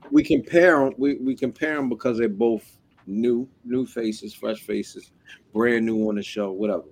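A man's voice: fairly low pitch, fairly even intonation, a little slow, darkish tone. A man co-hosting a podcast in casual chat, rambling and profane, often repeating himself. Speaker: podcast co-host.

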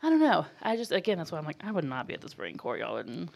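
Gravelly-voiced woman chatting casually. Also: sits low, fast. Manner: animated, laughs often, says y'all. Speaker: podcast co-host. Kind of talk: casual book chat.

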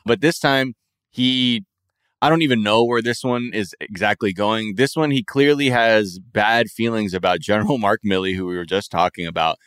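A man with a lowish voice hosting a casual comedy podcast. He talks with wry, sarcastic asides, recorded close and dry with no room sound. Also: moderate pace, fairly bright tone, smooth, dry recording. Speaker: podcast host.

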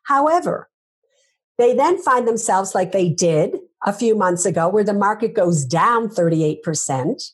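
A woman's voice: medium pitch, animated, measured pace, husky. A woman, a finance author, giving emphatic interview answers full of rhetorical questions.

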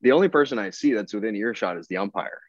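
Talking quickly in a low voice with no room sound, a young pro baseball player relates a story on a podcast. He stays relaxed and chatty, playing the characters and quoting their back-and-forth, though the audio is dull, lo-fi and dry.

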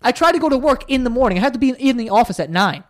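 A man's voice: very high voice, expressive, rapid-fire. A young man from New hosting a podcast, telling stories animatedly and swearing a lot. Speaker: podcast host. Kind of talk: casual chat.

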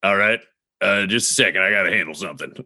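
Brief: man voicing a curt, cussing police chief; low, bright voice, dry mic. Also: fast talker, dry recording, heavily acted. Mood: gruff. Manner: curt, profane, commanding. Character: gruff blunt male law-enforcement chief.

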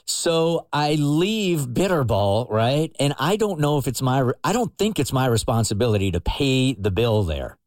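A man's voice: medium pitch, lively intonation, normal speed, hardly any pauses, a little mellow, dry recording, clean studio sound. Laid-back male radio host. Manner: laid-back storytelling with frequent "right?". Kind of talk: casual morning radio chat.

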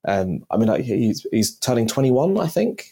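A man on a football podcast panel, measured and building an argument from numbers. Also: mid-range voice, big pitch swings, vocal fry, dark tone. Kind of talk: casual football chat.

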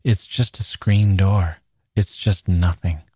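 A low, menacing drawl from a smooth-talking stalker who coaxes with easy slang, read aloud by a man. The voice sits deep and flat, and the recording is close and dry with no room sound. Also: slow pace, no echo, heavily acted. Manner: coaxing, drawling, casual slang.

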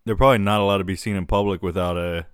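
A man's voice: low voice, fairly even intonation, very fast, smooth, no room sound, clean studio sound. A man co-hosting a casual comedic chat, laughing often and slipping into put-on regional voices.

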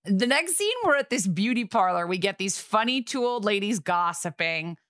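A woman co-hosting a podcast, recapping a TV episode in casual chat with sarcastic, quick asides. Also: medium pitch, expressive, fairly bright tone, dry recording, clean studio sound.

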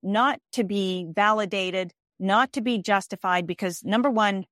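A woman's voice: medium pitch, unhurried, a bit bright, no room sound. Brief: woman coach guest, insistent and repetitive, close dry voice. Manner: emphatic, repeats key phrases, restarts often. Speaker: executive life coach and author. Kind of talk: interview guest explaining ideas.

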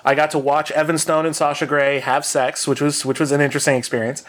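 A man's voice: a little high, level tone, fast, fairly bright tone. A man co-hosting a podcast, telling a long comic story in a rambling, self-mocking way with many fillers. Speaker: podcast co-host. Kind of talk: casual storytelling.

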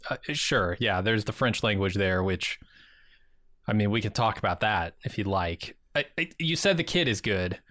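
A man's voice: fairly low pitch, lively intonation, moderate pace, pushed and bright, no room sound. A man co-hosting a podcast in casual chat, with a wry, sarcastic manner. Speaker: podcast co-host.

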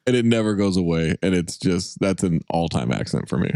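Lively male podcast co-host, dry mic. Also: low-pitched, no room sound. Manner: animated, joking, quick asides. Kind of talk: casual chat.

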